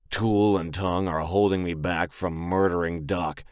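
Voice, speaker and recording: A man's voice: sits low, steady tone, moderate pace, no room sound, studio quality. A man narrating a romance audiobook in first person, in a gritty, blunt way.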